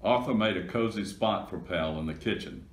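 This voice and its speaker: A man reading a children's storybook aloud with steady, plain narration. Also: low voice, normal speed. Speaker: reader. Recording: echoey room.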